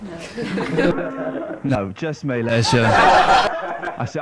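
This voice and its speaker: A young British man hosting a stand-up comedy show, joking between acts and shouting the introductions. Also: mid-range voice, very slow, pauses often. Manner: jokey, excitable, shouts the introductions. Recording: noisy 1990s TV broadcast. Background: studio audience laughter.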